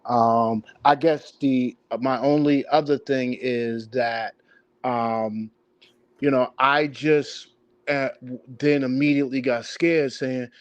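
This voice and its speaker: A man's voice: mid-range voice, fairly even intonation, slow, no room sound, dull audio. A middle-aged man hosting a heated online talk stream, speaking earnestly and directly, often stumbling and restarting his words. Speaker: stream host.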